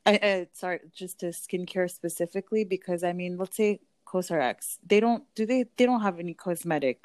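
A woman's voice: on the low side, normal speed, a little mellow, dry recording. A woman who works in skincare, speaking thoughtfully in a casual conversation and building on the points already made. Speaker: co-host working in skincare.

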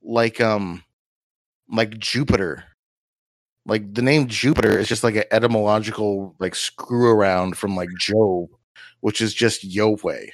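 Guy cohosting a chat show, keeps saying like, preachy bits, deep-ish voice. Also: steady tone, measured pace, no room sound. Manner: rambling, heavy use of "like" fillers. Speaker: podcast co-host. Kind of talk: casual chat.

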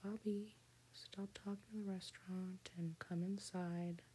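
A woman's voice: fairly low pitch, fairly even intonation, a little slow, dark tone, a little hiss or hum, lightly acted. A woman whispering the part of a coaxing middle-aged mother in a whispered role-play. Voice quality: breathy whisper.

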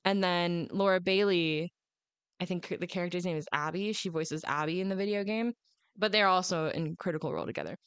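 A woman's voice: on the low side, a little fast, smooth, no room sound. A young woman in her twenties co-hosting a casual podcast, telling stories with frequent giggles. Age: 20s. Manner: giggly, animated storytelling. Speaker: podcast co-host. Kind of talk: casual chat.

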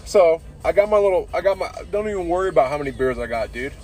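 Man, tipsy, podcast host, rambling monologue, profane, keeps saying dude, somewhat high voice. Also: lively intonation, fast, a little mellow. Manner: profane, says "dude" constantly. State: tipsy from drinking beers.

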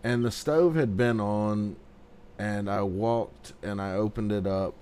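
A man's voice: lowish voice, takes it slowly, dark tone, clear, resonant tone. A man in casual podcast chat, laid-back, giving short agreeing replies and swearing casually. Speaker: podcast co-host.

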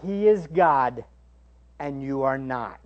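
A man preaching a sermon as pastor, shifting between hushed asides and raised, emphatic questions to the congregation. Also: mid-range voice, lively intonation, slow pace, highs cut off. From United States. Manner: rhetorical tag questions to the congregation.

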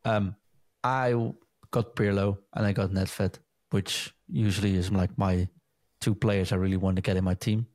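A man hosting a casual podcast chat, leading the segments in a relaxed, chatty way. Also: low-pitched, normal speed. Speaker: podcast host.

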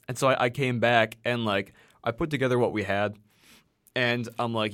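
A man's voice: mid-range voice, fairly even intonation, normal speed, fairly bright tone. A young man from the American Midwest, co-hosting a casual chat, telling rambling stories and swearing freely. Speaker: podcast co-host.

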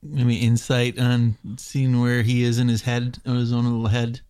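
A man's voice: medium pitch, monotone, normal speed, dark tone, smooth. A man playing in a tabletop game, asking casual questions. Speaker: player.

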